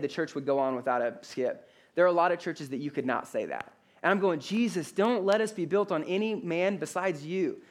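A man, a pastor, preaching a sermon with emphatic repetition and calls for the congregation's response. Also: a little high. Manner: emphatic, repeats key phrases, asks the congregation for responses.

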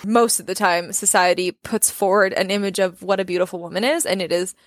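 A woman's voice: medium pitch, a little fast, dry recording. A young woman talking earnestly and reflectively in a casual faith conversation, often saying "like" and "you know". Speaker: guest sharing her story.

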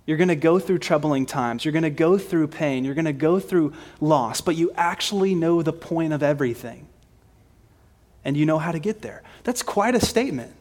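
Brief: male preacher, conversational and emphatic sermon delivery, slightly high voice, asks rhetorical questions. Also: darkish tone. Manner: conversational, emphatic, frequent repeats.

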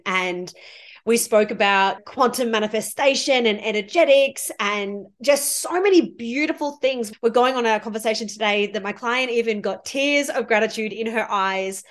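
A woman delivers a solo monologue on her own podcast as a money mindset coach, heartfelt, effusive and spiritual in her coaching. Her voice is medium in pitch and her pace moderate.

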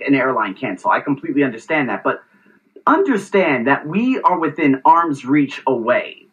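Male vlog host in his 30s from the US, casual exasperated storyteller with a bright, sharp voice. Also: medium pitch, poor audio. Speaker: show host.

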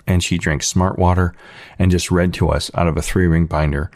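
A man's voice: low voice, fairly even intonation, normal speed, a little mellow, no room sound, studio quality. A man hosting his own channel, ranting sarcastically in a casual monologue. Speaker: channel host.

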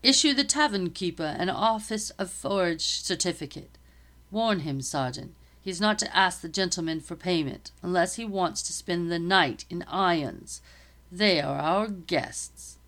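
A woman's voice: lowish voice, unhurried, fairly bright tone. A woman reading aloud, voicing a stern, formal male army captain in a storybook. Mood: commanding. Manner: formal, clipped, raised commanding voice. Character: stern male British army captain, middle-aged, commanding.

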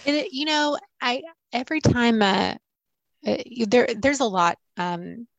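A woman co-hosting a podcast, speaking thoughtfully and haltingly with frequent restarts. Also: a little high, lively intonation, no room sound, muffled recording. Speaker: podcast co-host. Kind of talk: reflective podcast conversation.

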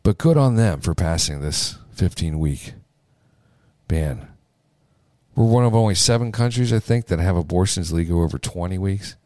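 A man with a low, deep voice delivers casual political commentary as a podcast host. He talks off the cuff, stumbling into restarts and repeating words for emphasis. The sound is dry and close, with no room around it. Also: lively intonation, normal speed, darkish tone, no echo. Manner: conversational with fillers, restarts and emphatic repetitions.

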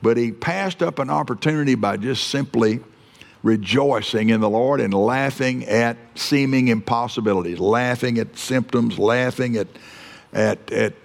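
Gravelly preacher in a reverberant hall. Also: male voice, mid-range voice, a little slow. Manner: earnest, repeats words, stumbles and restarts. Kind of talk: sermon.

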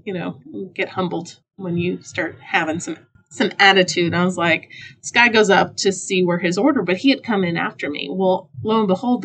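On her podcast, a middle-aged female host spins a story with casual self-mockery, her tone fairly bright. She slips into high-pitched voices to imitate the people she's quoting.

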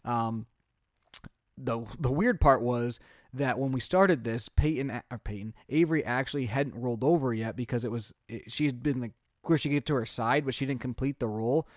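Chatty dad telling family stories. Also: male voice, medium pitch, normal speed, dry recording, clean studio sound. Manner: chatty, animated storytelling with quoted voices. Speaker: podcast co-host, father. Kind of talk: casual chat.

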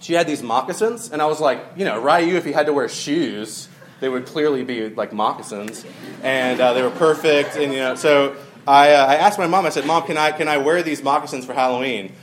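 A man's voice: mid-range voice, moderate pace, a little hiss or hum. A man giving a casual, conversational sermon to a live audience, with many fillers and joking asides. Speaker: preacher.

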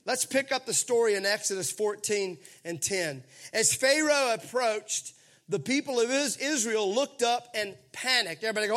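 A man preaching a sermon, animated and calling on the congregation to answer back. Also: extremely high pitch, normal speed. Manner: animated, calls for congregation responses. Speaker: pastor.

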